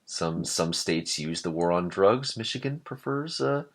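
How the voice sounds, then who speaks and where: A man's voice: low-pitched, lively intonation, measured pace, crowd noise. A man co-hosting a podcast, chatting casually with sarcastic jokes and rambling asides. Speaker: podcast co-host.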